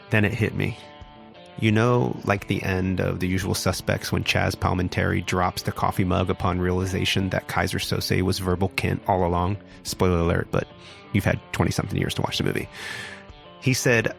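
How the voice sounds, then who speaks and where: A man's voice: deep voice, little pitch movement, moderate pace, vocal fry, soft background music. A man casually narrating a wild story as a podcast host, wry and swearing freely.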